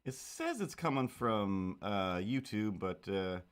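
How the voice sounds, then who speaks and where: A man's voice: fairly low pitch, sing-song, slow pace, smooth. A man chatting casually on a livestream while drawing, rambling with self-mocking, playful asides. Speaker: streamer.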